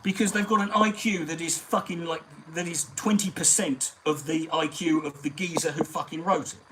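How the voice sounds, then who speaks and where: A man chatting casually on a live stream, his voice sitting a bit high for a man. He rambles and swears freely with animated energy, over faint background noise. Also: normal speed, poor audio. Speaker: comedian and live-stream host.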